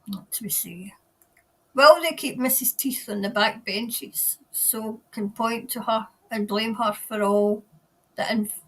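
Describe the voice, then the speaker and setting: A Scottish woman chats her way through a livestream, reading out viewer comments and greeting people by name. Her voice sits a little high and stays easygoing and unscripted. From Scotland. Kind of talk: casual livestream chat. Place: New Zealand.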